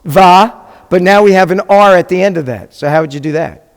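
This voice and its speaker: A man teaching a beginners' language class, chatty and patient, often quizzing the room. His voice sits a little high for a man. It rings with the long reverb of a classroom. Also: fast, gravelly. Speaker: rabbi teaching a Hebrew class. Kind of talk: classroom teaching with questions to students.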